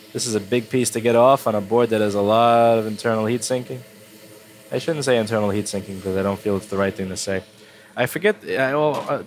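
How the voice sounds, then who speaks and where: A repair technician with a stuffy cold casually walks through a circuit board repair at his workbench, blunt and swearing when annoyed. His voice is medium-pitched, with a little hiss or hum in the recording.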